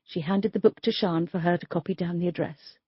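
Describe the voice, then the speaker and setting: A woman narrating a crime novel audiobook in a steady, even storytelling manner. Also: fairly low pitch, brisk, slightly rough, no echo, lo-fi sound. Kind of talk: scripted narration.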